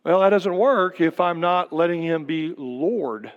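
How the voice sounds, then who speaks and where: An older man preaching a sermon, firing off rhetorical questions and dropping to a hush on key words. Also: fairly high pitch, a little slow, long reverb tail, highs cut off. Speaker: pastor.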